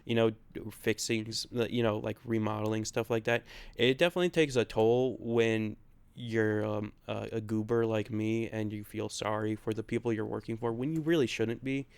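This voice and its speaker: A man's voice: fairly low pitch, fairly even intonation, moderate pace, vocal fry, a little mellow, clean tone. A man co-hosting a podcast in casual chat, rambling a bit, laughing often and swearing loosely. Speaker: podcast co-host. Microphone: own separate recording.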